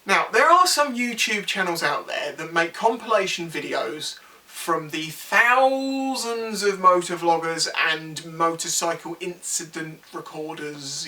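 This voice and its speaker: A man's voice: a little high, bright, forceful tone, distant mic. A man, a motorcycle vlogger giving a frank, exasperated opinion to camera and sometimes acting out other riders. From England. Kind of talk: casual opinion rant to camera.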